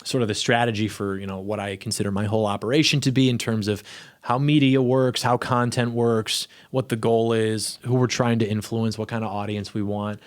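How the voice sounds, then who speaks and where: Low-pitched and brisk with a steady tone, a young man talks to camera from a small home studio as a YouTube commentator. His casual, offhand chatter wanders, and he frequently interrupts himself partway through sentences.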